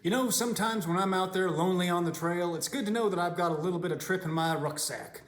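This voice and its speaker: A lonely trail hiker sells jerky in a parody commercial, played by a man. His voice sits high and the sound carries a roomy echo. He delivers the pitch earnestly and suggestively. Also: fast, close to an everyday voice. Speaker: spokesman in a mock jerky advert.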